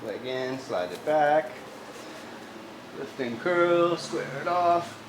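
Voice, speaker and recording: A man's voice: on the high side, expressive, slow pace. A man teaching a live yoga class, giving cues in a casual, loose way and swearing freely. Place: yoga studio. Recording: echoey studio, faint ambient noise.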